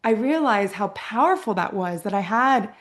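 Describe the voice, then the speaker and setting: A woman's voice: mid-range voice, expressive, moderate pace. Earnest woman guest, tag questions. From Virginia. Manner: earnest, often ends with "right?". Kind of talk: reflective interview talk.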